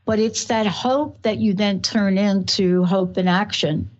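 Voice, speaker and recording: A woman's voice: mid-range voice, a little slow. A woman from New York with a New York accent, hosting a talk radio interview in an effusive, emotional and rambling way. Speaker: radio show host. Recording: muffled radio broadcast.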